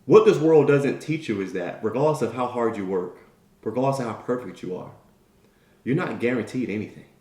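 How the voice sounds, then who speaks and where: A man's voice: medium pitch, brisk, roomy sound, a little hiss or hum. A man giving a motivational talk, telling a story in a conversational way and acting out the people in it. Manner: animated storyteller acting out quoted characters; conversational, repeats "right?" and "you know". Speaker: motivational speaker.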